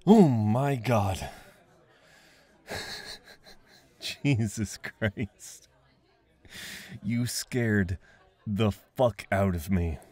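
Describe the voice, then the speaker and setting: In an audio role-play, a man plays a kind, teasing young guy at a house party. His voice sits slightly low, unhurried and coaxing, often breaking into soft chuckles, for a gentle, teasing mood with no room sound.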